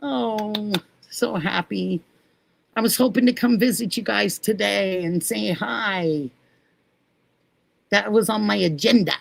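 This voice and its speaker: Slow, gravelly-voiced woman livestream host. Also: mid-range voice, no room sound. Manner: chatty, affectionate, talks to viewers by name. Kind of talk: casual livestream chat reading comments.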